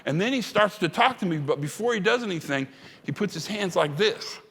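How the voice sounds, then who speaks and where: A man's voice: high voice, animated, brisk, fairly bright tone, husky. A man giving a humorous storytelling keynote at a conference, acting out the dialogue. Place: large conference hall. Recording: reverberant hall sound.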